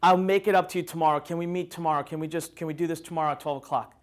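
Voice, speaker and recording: A flaky, overapologetic friend , as a man acts him out, pours out his regrets again and again. The voice sits a touch high and pleads in a rush of repeated words. It is an everyday voice, barely changed from the speaker's own. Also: fairly even intonation, racing, lightly acted. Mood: apologetic. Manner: gushing, repetitive apologies. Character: flaky apologetic adult male friend.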